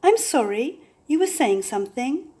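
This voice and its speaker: A woman voicing a kind, calm, enormous monster mother in a storybook, speaking gently and politely. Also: high-pitched, moderate pace, breathy edge, voice pushed up, heavily acted. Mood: gentle.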